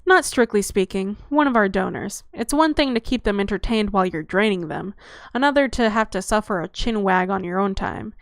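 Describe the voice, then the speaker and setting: A woman's voice: mid-range voice, lively intonation, no room sound, studio quality, close to an everyday voice. Woman voicing a chatty vampire girl. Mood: breezy. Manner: rapid breezy patter, crude slang. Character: chatty young-looking woman vampire, brash and blunt.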